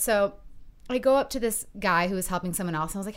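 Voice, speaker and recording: Middle-aged woman telling a story, giggly, acts out quotes, lively. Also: medium pitch, quick pace. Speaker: podcast guest. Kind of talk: casual storytelling.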